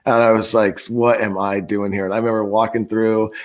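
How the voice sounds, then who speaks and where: Podcast guest, man in his late 30s, lowish voice, easygoing and laughing as he tells stories. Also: little pitch movement, a little fast. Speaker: guest musician. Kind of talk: casual chat.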